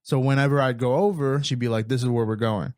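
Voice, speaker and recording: A man's voice: mid-range voice, steady tone, fast, a little mellow, no room sound, clean studio sound. A man co-hosting a podcast, telling stories in casual chat and laughing often. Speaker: podcast co-host.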